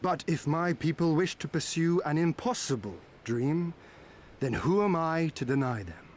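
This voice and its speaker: An actor playing a resolute young lord in a video game, speaking in a formal, archaic way. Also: male voice, a little high, animated, normal speed, slight background noise, lightly acted.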